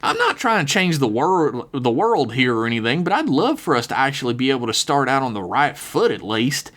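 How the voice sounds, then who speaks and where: A man's voice: mid-range voice, sing-song, brisk, a bit bright. A man voicing a flirty cult-member woman who talks in a folksy, sweet-talking drawl.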